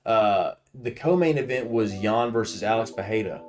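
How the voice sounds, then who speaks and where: Animated, profane man telling a story. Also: fairly low pitch, normal speed, soft background music. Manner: profane, acts out shouted reactions. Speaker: podcast co-host. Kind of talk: casual chat, animated storytelling.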